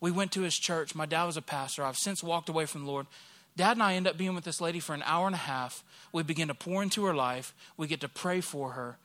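In his thirties and pastoring in Alabama, this man preaches via a lively tale from his life, playing out the voices of those he quotes. His voice is on the high side.

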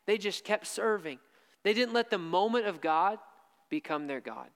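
A man preaching a sermon, emphatic, repeating key lines slowly for stress. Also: sits high, expressive, a bit bright, in a large hall.

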